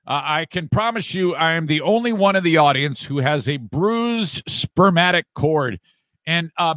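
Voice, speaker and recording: A man hosting a podcast in a loose, rambling way, with frequent swearing and jokes. His voice sits a little high for a man and has a bright, forceful edge. It sounds dry and close, with little room sound. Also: dry recording. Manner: rambling, profane, jokey. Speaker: podcast host. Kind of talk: casual podcast chat.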